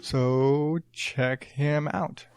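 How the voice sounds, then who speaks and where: A man's voice: a little high, fairly even intonation, extremely slow, clear, resonant tone, no echo. A man hosting a solo podcast, rambling casually with many fillers, restarts and swearing. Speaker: podcast host.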